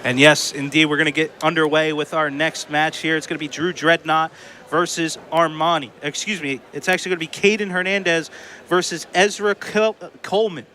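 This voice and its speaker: A man calling a live college wrestling show play-by-play on a headset, excitable and joking, correcting himself as he goes. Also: a little high, fairly quick. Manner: excitable, jokey, self-correcting. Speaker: play-by-play commentator. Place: college student center wrestling event.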